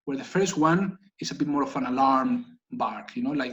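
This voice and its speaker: This man runs a guide dog volunteer meeting on a video call, chatty and instructive, checking in with the group by asking "okay?" again and again. He talks at medium pitch, a little fast, barely pausing, and the recording is rough.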